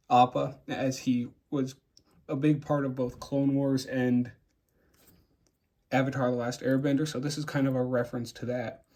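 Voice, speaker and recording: In a casual show-and-tell, a young man with a medium-pitched, darkish voice shows off his custom toy figures and rates them. He rambles, with frequent fillers and restarts.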